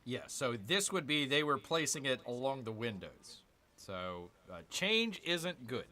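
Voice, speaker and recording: A man's voice: mid-range voice, big pitch swings, unhurried, pushed and bright. A man hosting a gaming channel, chatting casually through a strategy game, repeating himself and calling viewers "people". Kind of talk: casual let's-play commentary.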